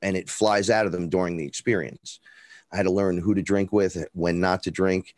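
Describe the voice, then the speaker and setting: This interview guest has a deep voice with a New York Bronx accent, fairly even intonation and a moderate pace, and the audio has no echo. His story is rambling, blunt and full of swearing, and he acts out what people said.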